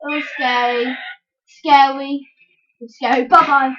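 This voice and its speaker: Excitable high-voiced woman, lo-fi recording. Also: takes it slowly. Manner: excitable, yelps and giggly outbursts. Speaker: gameplay commentator. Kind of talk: let's-play commentary.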